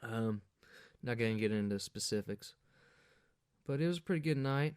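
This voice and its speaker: A man hosting a podcast, telling a profane, rambling party story in a casual monologue, jumping up in pitch when he quotes people. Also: moderate pace, smooth, no echo, studio quality. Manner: crude, profane, rambling anecdotes with animated quoted voices. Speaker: podcast host.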